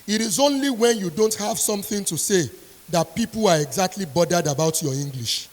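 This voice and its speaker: A woman's voice: on the low side, lively intonation, brisk, darkish tone. A woman delivers a motivational speech as a strict university lecturer. She is emphatic and repeats her key points for weight. Her voice rings with the long reverb of a large hall.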